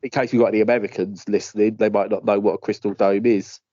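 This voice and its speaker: A man's voice: fairly low pitch, steady tone, fast talker, mellow, dry recording. A man hosting a gaming podcast, playful and jokey in casual chat. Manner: playful, jokey, jumps into silly voices. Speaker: podcast host. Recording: dry, dull lo-fi podcast audio.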